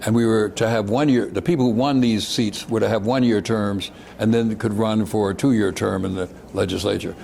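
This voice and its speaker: A man's voice: on the low side, fairly even intonation, moderate pace, creaky, few pauses, a little mellow, a little hiss or hum. An older man reminiscing as a guest speaker, telling stories over slides and often repeating words for emphasis.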